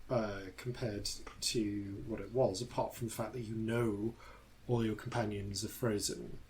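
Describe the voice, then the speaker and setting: Slow, halting man narrating as game master. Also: mid-range voice, poor audio. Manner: unhurried, halting narration with many fillers. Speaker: dungeon master.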